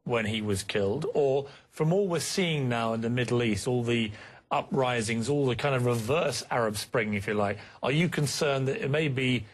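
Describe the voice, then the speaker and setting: A man hosts a television interview in a husky voice. He challenges his guest directly and presses each question. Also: mid-range voice, normal speed. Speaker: TV interview host. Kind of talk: TV news interview.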